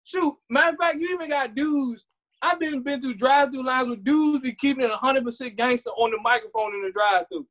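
A woman's voice: high-pitched, fast. A woman co-hosting a podcast, chatting casually and acting out voices as she tells stories. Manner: animated storytelling, acts out other people's voices. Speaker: podcast co-host. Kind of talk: casual chat.

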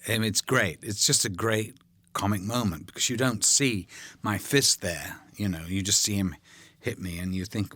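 An older man recalling making a film in a relaxed, rambling commentary, full of ums and drifting into whispers. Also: lowish voice, moderate pace, slightly rough, dry recording. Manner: rambling, warm anecdotes, frequent ums, drops to whispers.

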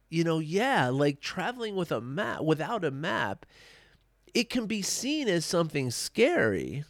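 A man in his thirties talks straight to camera, tearful and emotional. He speaks in an earnest, halting way, with many fillers and restarts. His voice sits at an ordinary pitch and sounds dry and close, with no room sound. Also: dry recording. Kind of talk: personal reflective vlog.

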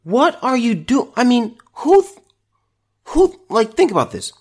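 A man's voice: extremely high pitch, big pitch swings, unhurried. A man hosting a solo opinion podcast, ranting in exasperation and restarting his sentences. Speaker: podcast host.

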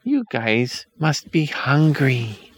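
A man voicing a sly old woman who may be a witch, speaking in a slow, drawn-out, falsely sweet way. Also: medium pitch, very animated, husky, dry recording, pitched above the performer's own voice, heavily acted. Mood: sugary.

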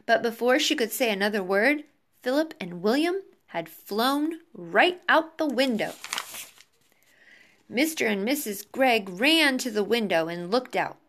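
Woman teacher, read-aloud to pupils on a video call, slow, lively pitch. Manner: slow, expressive, warm sign-off to pupils. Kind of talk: reading a children's book aloud to a class.

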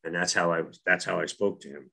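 This man speaks fast in a low, steady voice that is creaky, bright and forceful. Middle-aged and from New Jersey, he earnestly shares a personal faith story in a casual way, with repeated words and frequent restarts.

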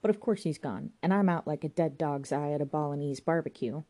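A woman's voice: sits low, fairly quick, warm tone. A woman voicing a rambling, self-important male pub landlord with a banged head. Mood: chatty.

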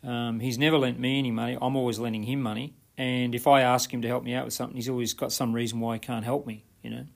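A man voicing a hesitant young woman student who talks softly when quoted. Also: mid-range voice, level tone, fast talker, gravelly, few pauses.

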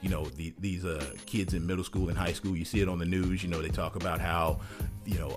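A man with a deep, low voice talks through a heartfelt monologue. He is earnest and emphatic, piling up repeated words as he presses his point. Soft music plays faintly behind him. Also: little pitch movement, brisk. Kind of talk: casual monologue.

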